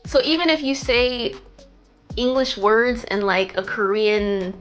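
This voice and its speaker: A woman's voice: on the high side, takes it slowly, muffled recording, soft background music. A young woman vlogging in a chatty, playful way straight to her viewers. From United States. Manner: chatty, animated, playful asides. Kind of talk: casual chat to camera.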